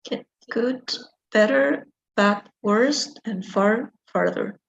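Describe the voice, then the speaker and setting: A woman student reads grammar examples aloud slowly and carefully, one word at a time. Her voice has a soft, breathy edge. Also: on the high side, highs cut off. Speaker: English student.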